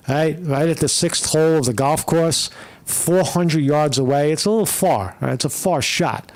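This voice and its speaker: A man's voice: fairly high pitch, darkish tone. A man commenting on a live stream, rambling and cursing, stopping often to ask "right?" and reading out viewer questions. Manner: rambling, profane, keeps asking "right?".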